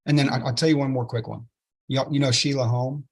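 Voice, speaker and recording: A man, an interview guest telling a story with excitement and many "right?" tag questions. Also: mid-range voice, quick pace. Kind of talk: enthusiastic storytelling in a podcast interview.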